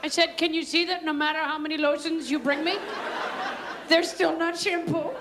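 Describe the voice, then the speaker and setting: Quirky high-voiced woman doing stand-up. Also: fairly even intonation. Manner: quirky, quick, self-mocking riffing; bantering with audience members. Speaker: stand-up comedian. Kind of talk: live stand-up comedy. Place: stage before a live audience. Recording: live audience laughter and noise.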